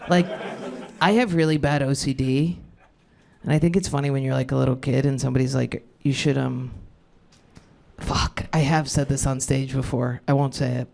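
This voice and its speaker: A woman's voice: a bass voice, steady tone, normal speed, gravelly, darkish tone. A woman in her thirties doing crowd-work stand-up comedy on a club stage, rambling, cutting herself off and laughing at her own jokes. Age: 30s.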